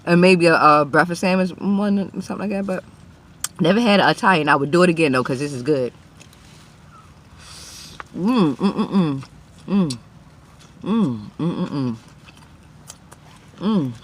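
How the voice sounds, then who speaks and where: With a voice on the low side, this woman is expressive and unhurried, pausing often as she hosts a mukbang eating show from her car. Between bites she chats to viewers, murmurs approval, and sounds slightly out of breath.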